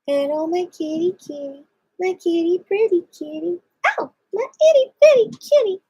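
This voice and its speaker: A woman putting on a very high, squeaky baby-talk voice that coos at a pet cat. The tone stays soft and mellow, with no edge to it. It is doting, sing-song cat talk. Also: normal speed. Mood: cooing. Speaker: pet owner.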